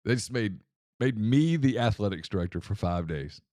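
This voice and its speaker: A man co-hosting a sports talk podcast, telling long stories and acting out the voices of the people in them. His voice sits low and is recorded close and dry, with no room sound. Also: moderate pace, no echo. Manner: animated storyteller, acts out quoted voices. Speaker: podcast co-host.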